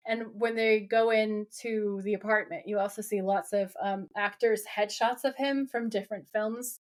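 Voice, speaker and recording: This woman co-hosts a podcast, using a medium pitch at a moderate pace. Recapping a TV episode casually, she brings it to life by acting out the dialogue in quotes.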